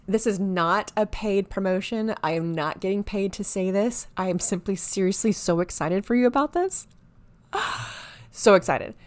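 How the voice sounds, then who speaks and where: A woman hosting a marketing explainer video, talking excitedly and sometimes stumbling over her words, with quiet asides. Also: medium pitch. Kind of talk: enthusiastic to-camera explainer.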